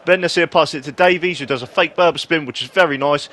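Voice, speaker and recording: A man commentating play-by-play over a football video game, excitable, breaking into shouts at goals and poking fun at himself between plays. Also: fairly high pitch, fast talker. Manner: excitable, rising to shouts on goals, self-mocking asides. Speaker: gaming YouTuber.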